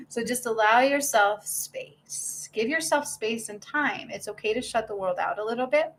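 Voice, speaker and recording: A middle-aged woman giving a live-stream spiritual reading, bubbly and excitable, laughing often as she talks. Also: on the high side, moderate pace. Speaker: spiritual medium and healer.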